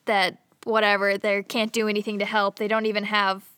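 A woman's voice: medium pitch, completely flat delivery, brisk, fairly bright tone, clean tone, no echo. A young woman casually retelling a movie plot to a co-host, chatty and giggly, acting out the characters' lines. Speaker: podcast co-host.

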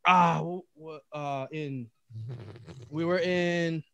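A young man in his twenties telling a story among friends, animated and profane, saying "bro" constantly. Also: a little high, slow pace, clear, resonant tone.

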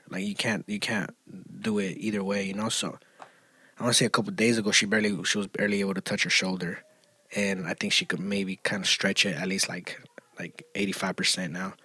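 A man talks through a story in loose, profane slang, restarting sentences and piling on filler words. His voice is slightly husky, and the recording is dry and close. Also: fairly low pitch, fairly quick, no echo. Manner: profane slangy storytelling, grows loud and animated. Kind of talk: casual chat.

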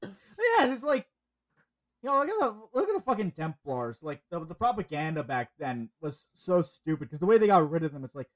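A podcast host speaking at a middle pitch in loose conversation. The talk rambles through long stories, stopping and restarting phrases along the way. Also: sing-song, normal speed. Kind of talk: casual chat.

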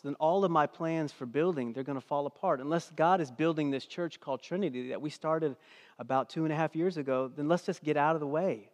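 A middle-aged pastor preaches with a fairly high voice, dropping to hushed near-whispers and then rising to loud, emphatic declarations. His words ring out with a long reverb across the church sanctuary. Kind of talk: sermon.

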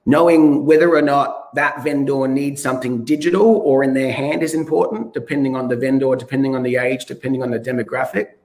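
Slightly hoarse man coaching. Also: mid-range voice, steady tone, fairly quick, few pauses, a little mellow. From Australia. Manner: restarts sentences, stresses key words. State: a bit hoarse. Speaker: real estate coach. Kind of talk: podcast interview.

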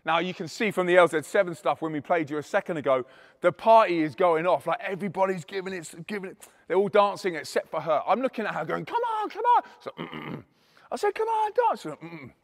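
A Christian youth speaker, a man with a fairly high voice and some vocal fry, talks fast as he tells an emphatic testimony story to an audience. He's animated and acts out the quoted dialogue, and the sound has a big-room quality.

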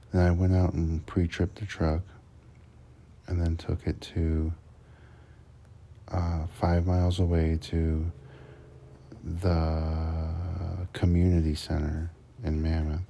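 A man's voice: deep voice, mellow. A man who drives a truck for work, telling a rambling, crude and profane story in a casual monologue, often restarting his sentences.

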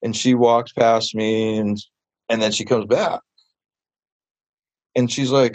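A man being interviewed about his mural work, telling stories in a casual, animated way full of fillers. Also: mid-range voice, slow, dry recording. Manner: animated, chatty, many fillers. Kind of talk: casual storytelling.

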